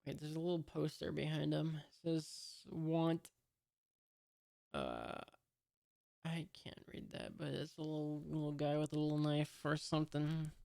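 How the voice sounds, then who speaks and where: A man reading a comic for the first time and commenting as he goes, halting and musing, with many fillers. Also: fairly high pitch, animated, vocal fry, darkish tone, no room sound, studio quality. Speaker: comic reader.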